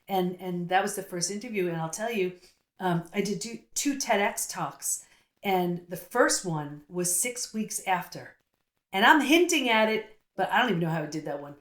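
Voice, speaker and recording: A woman's voice: mid-range voice, lively intonation, fairly bright tone. Earnest woman talking in a roomy echo. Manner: earnest, storytelling, quick asides. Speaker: guest psychologist. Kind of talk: casual interview talk.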